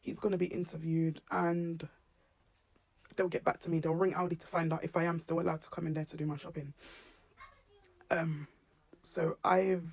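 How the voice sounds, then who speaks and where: Husky woman telling a story. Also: deep voice, moderate pace, long pauses, no echo. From England. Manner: animated retelling, acts out the dialogue. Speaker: SEN mum telling her story. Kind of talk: personal story to camera.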